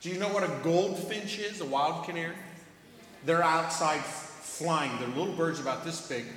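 A man leading a children's sermon in church, playful and animated, asking the kids lots of questions. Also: a little high, moderate pace. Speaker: pastor giving children's sermon. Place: church sanctuary. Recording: reverberant church hall.

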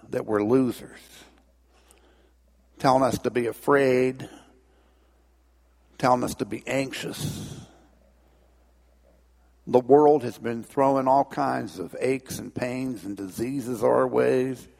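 A man preaching a sermon, telling a folksy story with animated delivery, in a long-echoing hall. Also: mid-range voice, takes it slowly, creaky, long pauses. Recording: long reverb in a large hall.

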